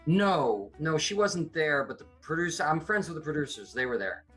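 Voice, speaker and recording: A man's voice: on the high side, big pitch swings, moderate pace, a bit bright, breathy edge, soft background music. A middle-aged man from upstate New York, a comedy producer chatting as a podcast guest, rambling with many restarts. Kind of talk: casual interview chat.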